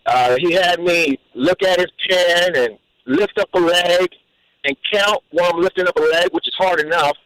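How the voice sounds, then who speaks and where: A man calling in to a radio show, telling a personal story in an animated way, with repeated words and restarts. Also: high-pitched, moderate pace, low-quality recording. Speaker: caller.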